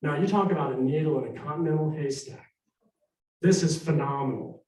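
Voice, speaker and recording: Middle-aged man, storyteller, animated, conversational, distant mic, roomy hall. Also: fairly high pitch, brisk. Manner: animated, conversational, acts out dialogue. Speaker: historical storyteller. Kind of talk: live storytelling presentation. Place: arts center hall.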